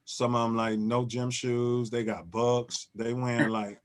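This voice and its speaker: A man, hosting and telling a story in casual chat, animated and repeating and restarting his phrases. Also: medium pitch, unhurried. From Chicago. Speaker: host.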